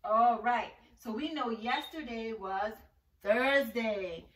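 A high-pitched woman leads a preschool circle time, slow and sing-song, coaxing the kids along and slipping into little songs. She speaks slowly and stands a bit back from the mic. The room around her is echoey. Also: far from the mic. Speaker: preschool teacher. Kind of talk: online circle-time lesson for young children.

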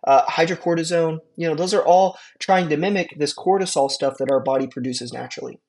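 A man's voice: on the high side, fairly quick, darkish tone. A man giving a casual EMT classroom lecture, chatty and informal with many fillers and acted-out examples. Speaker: EMT instructor.

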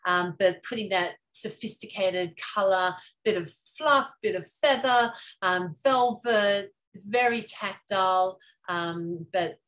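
A woman's voice: mid-range voice, fairly bright tone. A woman with an Australian accent, an interior design educator, chatting through a webinar in a rambling way with many fillers. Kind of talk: webinar presentation.

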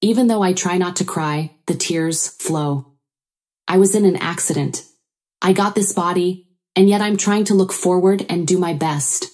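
Low, mellow woman narrating a story. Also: moderate pace. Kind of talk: scripted first-person story narration.

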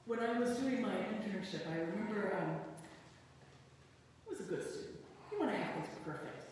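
A woman pastor giving a sermon, telling a personal story in a conversational, animated way. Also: mid-range voice, moderate pace, slight background noise. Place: church sanctuary. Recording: echoey church hall from far off.

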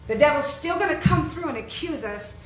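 A woman's voice: high voice, lively intonation, fairly quick, a little hiss or hum. A woman preaching an informal sermon, asking the congregation questions and answering them with emphasis. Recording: echoey room, heard from far off.

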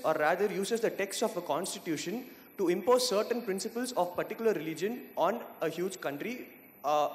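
Man asking a question in an echoey hall. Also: high voice. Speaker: audience member asking a question. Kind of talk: question from the floor.

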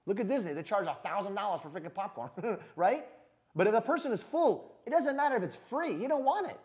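Fast, animated man coaching sales. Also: high voice. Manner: brash, swears, keeps asking "right?". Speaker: sales trainer. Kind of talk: energetic sales coaching talk.

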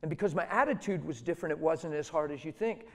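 Emphatic middle-aged preacher in a big hall. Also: male voice, fairly high pitch, fast. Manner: storytelling, swings from soft and hushed to loud and emphatic. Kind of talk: sermon. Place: church hall. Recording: reverberant hall.

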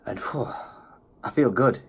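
A man's voice: mid-range voice, unhurried, slightly rough. A tired man from England, vlogging in rambling, self-mocking casual chat.

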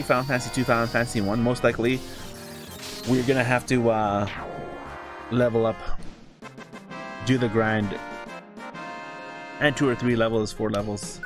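A man streaming a game live, chatting casually in a rambling, self-correcting way. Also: mid-range voice. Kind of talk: casual live gaming commentary.

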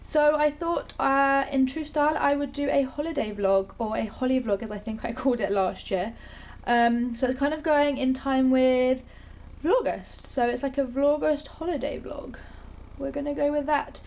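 A young woman from England chats to her camera in a light, slightly high voice. She rambles happily between asides in a relaxed beauty vlog. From Britain. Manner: chatty, rambling, bubbly, quick asides. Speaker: beauty vlogger. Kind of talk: casual vlog chat to camera.

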